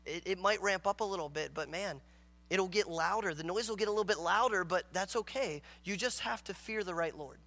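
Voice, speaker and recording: A man's voice: sits high, brisk, pushed and bright. A man preaching a morning sermon as a pastor, earnest and emphatic, reading scripture aloud and acting out the characters' dialogue.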